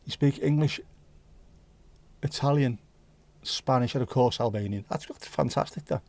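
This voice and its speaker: Gravelly-voiced man hosting a chatty livestream. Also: mid-range voice, moderate pace, darkish tone. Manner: jokey banter with viewers, drops into Dutch and Spanish. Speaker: livestream host. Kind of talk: casual chat reading viewer comments.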